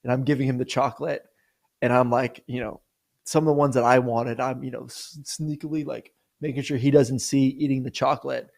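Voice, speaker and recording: Gravelly-voiced man telling a story. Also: mid-range voice, level tone, brisk, a little mellow. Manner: self-mocking storyteller, laughs easily. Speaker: podcast co-host. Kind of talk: casual chat.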